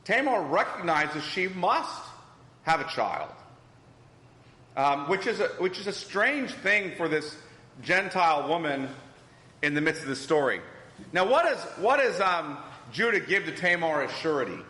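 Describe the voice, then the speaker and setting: A man's voice: on the high side, very animated, a little slow, bright, forceful tone. Man teaching in an echoey church hall. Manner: asks the class questions and repeats answers. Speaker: Bible study teacher. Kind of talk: interactive Bible class teaching. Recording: echoey hall with long reverb.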